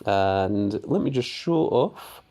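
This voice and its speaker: A man's voice: on the low side, slow pace. A man hosting a casual live stream of a game, chatting about his cards and reading viewer messages aloud before answering them. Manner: easily excited, voice jumps up on greetings.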